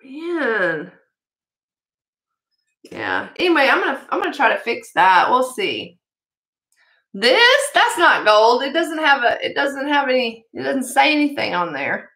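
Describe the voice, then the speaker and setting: Bubbly high-voiced woman vlogger. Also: a little slow. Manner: excitable, gushing, chatty asides to viewers. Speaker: jewelry haul vlogger. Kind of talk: casual unboxing chat.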